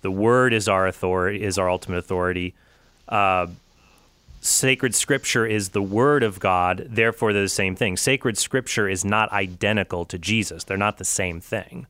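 Low-voiced man arguing theology, measured. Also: sharp tone, clean tone, no room sound. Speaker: debater. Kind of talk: theological debate.

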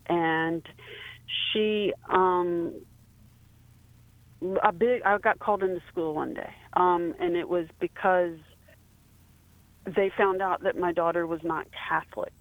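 A woman in her fifties from South Carolina calling in to a show, telling a personal story haltingly with many fillers and restarts. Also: on the low side, steady tone, no echo. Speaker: caller. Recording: tinny phone line.

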